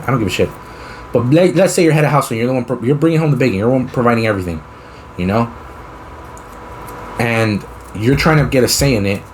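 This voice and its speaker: A man's voice: fairly low pitch, slight background noise. A young man hosting a casual podcast chat. He rambles and swears a lot while spinning long hypothetical scenarios. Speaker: podcast host.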